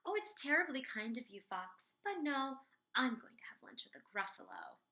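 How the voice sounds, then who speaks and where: A woman's voice: high voice, huge pitch swings, normal speed, sharp tone, heavily acted. A woman voicing a small clever brown mouse in a storybook read-aloud, polite and bluffing.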